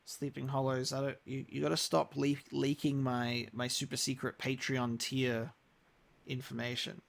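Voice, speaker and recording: A man's voice: medium pitch, little pitch movement, normal speed, gravelly. A young man chatting casually while live-streaming a game, rambling with many restarts.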